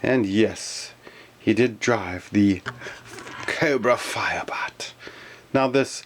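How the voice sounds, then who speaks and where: A man from Canada chatting casually in a toy collector vlog, rambling and grumbling, sometimes whispering names in a drawn-out way. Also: fairly low pitch, slight background noise. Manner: rambling and complaining, with stretched-out whispered echoes of names. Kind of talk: casual toy review chat.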